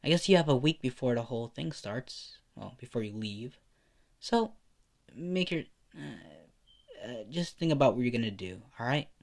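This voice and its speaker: Casting: fussing middle-aged mom, pitched up high, played by a man for a fan story. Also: expressive, moderate pace, gravelly, darkish tone. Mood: motherly. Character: kindly mother, middle-aged woman. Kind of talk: amateur fan story narration.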